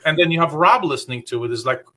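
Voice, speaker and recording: This guest guitarist, a man with a fairly high, fast and sharp-toned voice, speaks over a video call. Interviewed about his past, he wanders through anecdotes full of fillers, quoting things he once said.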